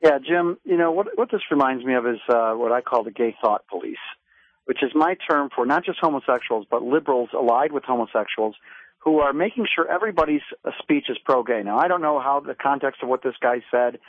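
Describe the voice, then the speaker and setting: A man's voice: medium pitch, brisk, no echo. A male guest on a radio talk show, arguing indignantly and emphatically. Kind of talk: phoned-in talk radio commentary. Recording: tinny phone line.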